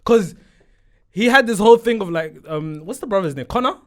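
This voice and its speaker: A man, co-hosting a casual TV review chat, expressive and quick to laugh. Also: sits high. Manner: expressive, laughs easily, slangy. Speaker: podcast co-host.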